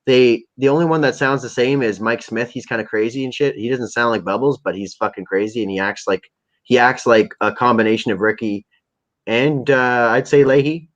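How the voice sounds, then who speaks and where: A man's voice: mid-range voice, a little fast, muffled recording. A man hosting a livestream in rambling, profane casual chat. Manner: rambling and profane, with many fillers. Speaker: livestream host.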